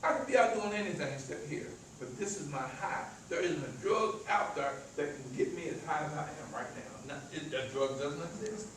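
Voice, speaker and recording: A man's voice: fairly high pitch, moderate pace, hardly any pauses, a little hiss or hum. A man with a country accent who stutters and stammers, repeating words as he gives a motivational talk to a live audience. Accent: rural American country accent. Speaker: motivational speaker. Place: echoey event room with an audience. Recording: very echoey room, voice far from mic.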